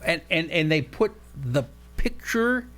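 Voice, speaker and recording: A male radio host with a lively, animated voice that swings up and down in pitch. He questions his guest eagerly, often repeating words as he jumps in. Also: slow pace. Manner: inquisitive, with repeated words and restarts. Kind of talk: radio interview.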